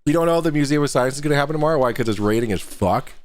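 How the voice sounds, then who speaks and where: A man's voice: fairly high pitch, animated, racing. A man hosting a casual livestream talk show, joking, swearing and laughing a lot.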